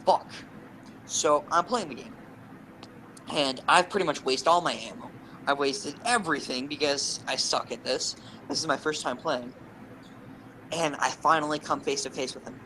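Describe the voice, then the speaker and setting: Young guy ranting thru a gaming story, bright sharp voice, bit of hiss behind. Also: fairly high pitch, moderate pace, rough recording. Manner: animated, swearing, rambling anecdotes. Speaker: podcast co-host. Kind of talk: casual storytelling.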